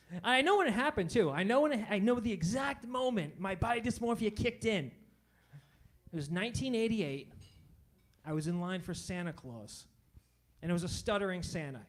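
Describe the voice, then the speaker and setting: A man in his forties works through a stand-up comedy set, poking fun at himself with punchy delivery. His voice sits fairly high for a man, and he checks in with the audience after each punchline. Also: expressive, normal speed, pauses often. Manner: self-deprecating, punchy, tags jokes with "all right?".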